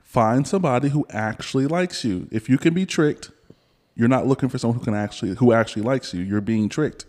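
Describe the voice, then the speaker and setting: A man's voice: medium pitch, brisk, darkish tone. A man hosting a podcast in casual chat, pressing his point and repeating it. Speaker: podcast host.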